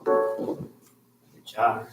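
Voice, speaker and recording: A man's voice: extremely slow, soft background music. A man teaching a kids' martial arts class, firm and encouraging, checking in with "okay?" after nearly every point. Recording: echoey room with faint noise.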